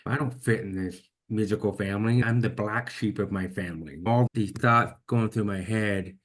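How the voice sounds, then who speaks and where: A man's voice: on the low side, fairly even intonation, moderate pace. A man with a deaf accent, telling his own story as an interview guest in an earnest, reflective way. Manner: earnest, reflective, repeats words when restarting.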